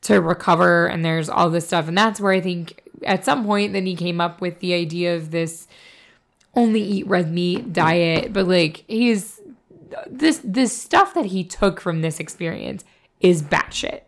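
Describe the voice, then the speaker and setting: A woman co-hosting a podcast, hoarse from a cold, talking casually and bluntly with lots of fillers and swearing. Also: lowish voice, measured pace. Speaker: podcast co-host. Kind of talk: casual chat.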